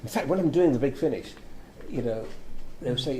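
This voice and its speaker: An older actor telling anecdotes in a chatty interview, laughing often. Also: male voice, medium pitch, lively intonation, normal speed, darkish tone, slight background noise.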